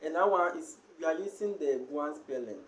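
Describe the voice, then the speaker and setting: A man teaching a language lesson, slowly sounding out and repeating each syllable and word. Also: fairly high pitch, animated. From Ghana. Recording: echoey room.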